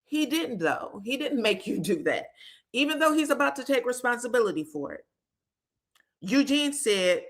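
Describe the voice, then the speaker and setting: Her voice sits a little high and moves at a normal pace as she chats through a reality show recap. Animated and frank, she acts out what the cast said, curses and all.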